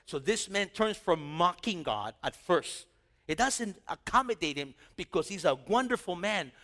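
A man preaching a sermon, acting out Bible dialogue in lively quoted voices. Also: a little high. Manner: animated, acts out Bible dialogue in quick voices. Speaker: pastor.

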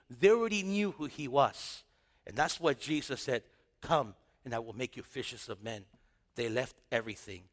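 A man's voice: a little high, fairly bright tone. A man preaching a sermon in a conversational style, asking the congregation rhetorical questions. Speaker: pastor.

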